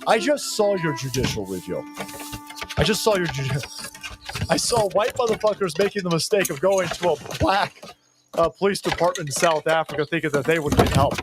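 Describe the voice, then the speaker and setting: A man's voice: fairly high pitch, expressive, moderate pace. Ranting, swearing male game streamer. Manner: ranting, swearing, reading chat aloud. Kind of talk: profane gaming stream commentary. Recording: game music behind the voice. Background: game music.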